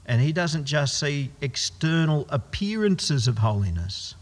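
A man's voice: fairly high pitch, sing-song, unhurried. A man preaching a sermon as pastor, emphatic and posing rhetorical questions he answers himself. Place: church. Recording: long church hall reverb.

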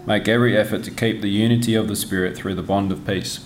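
A man reading a scripture passage aloud in a measured cadence to a congregation. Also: on the low side, steady tone, slight background noise. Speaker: scripture reader.

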